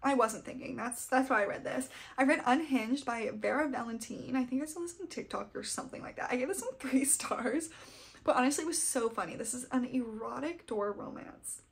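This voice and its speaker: This book vlogger, a young adult woman, talks brisk and high-pitched with noticeable vocal fry. She gushes fangirl-style while casually wrapping up the books she read.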